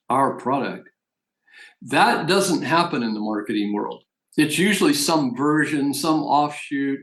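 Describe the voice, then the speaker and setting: Guy doing a network marketing pitch, pushy and emphatic, mid-pitched voice, echoey room. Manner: persuasive, emphatic sales talk. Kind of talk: business opportunity presentation.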